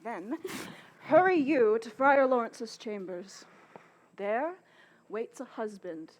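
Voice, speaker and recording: A woman's voice: fairly high pitch, animated, takes it slowly. A woman playing an older, bawdy, complaining nurse in an outdoor Shakespeare performance, with theatrical groans and exclamations. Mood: teasing. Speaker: stage actor.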